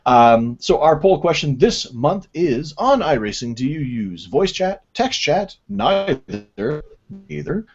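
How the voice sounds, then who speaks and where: Male web-show host, animated and rambling, muffled lo-fi sound. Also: a little high, measured pace, few pauses, husky. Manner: rambling, self-deprecating. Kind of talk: casual web radio show chat. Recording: dull lo-fi audio.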